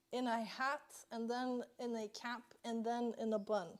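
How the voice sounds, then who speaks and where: A woman's voice: fairly high pitch, steady tone, moderate pace. A woman streamer chatting casually on a live stream from home into her phone, swearing often. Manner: chatty, swears a lot, yells at bugs. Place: indoors at home.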